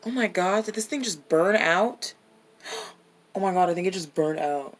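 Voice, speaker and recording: A woman's voice: on the low side, animated, normal speed. A woman vlogger in casual chat, blunt and emphatic, swearing freely.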